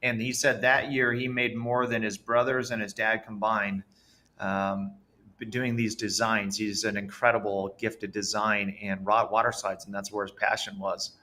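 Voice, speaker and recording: Bright-voiced enthusiastic male storyteller. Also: lowish voice, flat delivery, unhurried. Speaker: podcast guest, business founder. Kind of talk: casual podcast conversation.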